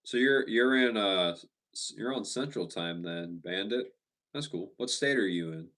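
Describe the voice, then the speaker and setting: Low-voiced young man chatting on stream. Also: measured pace. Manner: relaxed, chatty, many restarts and stumbles. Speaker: livestream host. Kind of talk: casual live chat reading viewer comments.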